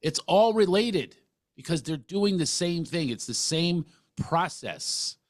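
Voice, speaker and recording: This middle-aged podcast host has a voice on the high side and takes things slowly but animatedly. He's earnest and emphatic in casual interview conversation, often restarting sentences, on a dry, clean studio recording.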